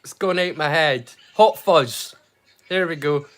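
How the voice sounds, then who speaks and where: A man's voice: fairly high pitch, unhurried, fairly bright tone. A man, chatting casually and rambling as he hosts a movie watch-along livestream. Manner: chatty, rambling, self-correcting. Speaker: livestream host.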